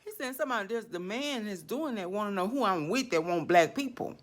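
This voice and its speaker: A woman vlogger delivering a rambling, profane monologue that swings between quiet muttering and angry shouting. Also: mid-range voice, animated, brisk, few pauses.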